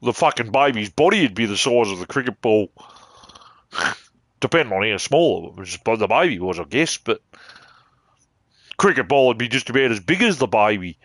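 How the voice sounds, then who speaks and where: A man's voice: mid-range voice, animated, normal speed, long pauses, fairly bright tone, no echo. A man giving casual, rambling gaming commentary, full of swearing and cheeky jabs.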